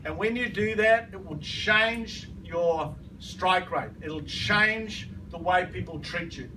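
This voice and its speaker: A man's voice: high voice, takes it slowly. A man giving a motivational business training talk to a live audience. He speaks emphatically, repeats his points and keeps asking the room to agree. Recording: distant mic, noisy room.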